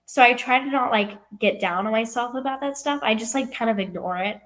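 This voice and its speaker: In a fairly high, fairly bright voice and at a slightly fast pace, a young actress from California fields interview questions as a guest. Her manner is youthful and filler-heavy, with frequent "like" and "um."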